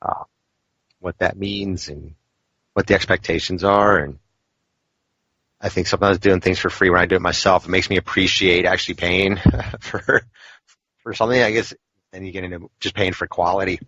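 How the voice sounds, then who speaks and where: A man's voice: deep voice, steady tone, normal speed, pauses often, fairly bright tone, no room sound, lo-fi sound. A man co-hosting a podcast, speaking in a reflective way and giving short replies and reactions. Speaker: podcast co-host. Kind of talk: casual podcast chat.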